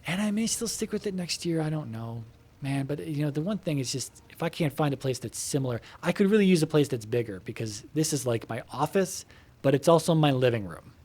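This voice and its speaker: Fairly quick and lively in intonation, this gamer has a fairly high voice with a darkish tone. He chats aimlessly to viewers from his home computer room during play, using many fillers, easygoing swearing and remarks about the game.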